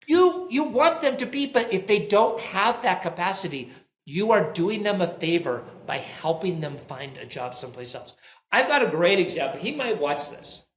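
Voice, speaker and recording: Male founder and guest, animated storyteller, slightly high voice, echoey room sound. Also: normal speed. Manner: animated storyteller, acts out quoted dialogue. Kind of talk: conversational podcast interview. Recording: roomy echo.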